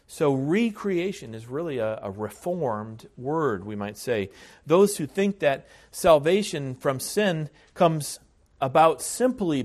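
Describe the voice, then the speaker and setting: Slow, deliberate male pastor preaching. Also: a little high. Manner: measured, deliberate, frequent hesitations. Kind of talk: sermon.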